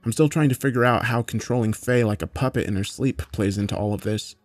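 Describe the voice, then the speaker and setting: A man narrating a horror story in a measured, matter-of-fact way, with occasional swearing. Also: medium pitch, no echo, faint music behind.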